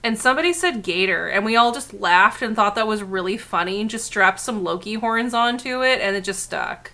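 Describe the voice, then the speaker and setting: A woman co-hosting a casual chat, swearing freely and breaking into loud shrieks and outbursts. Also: mid-range voice, fairly quick. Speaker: co-host.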